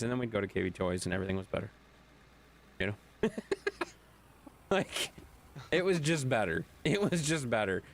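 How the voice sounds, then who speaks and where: A man's voice: medium pitch, very animated, normal speed, creaky, long pauses, slight background noise. A man streaming a game, chatting loosely with viewers, swearing and laughing often. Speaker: gaming streamer. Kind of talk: casual chat while playing.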